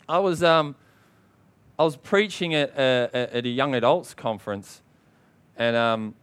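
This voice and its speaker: Emphatic male preacher, slightly high voice. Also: fairly bright tone. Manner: emphatic, call-and-response with the congregation. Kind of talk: sermon.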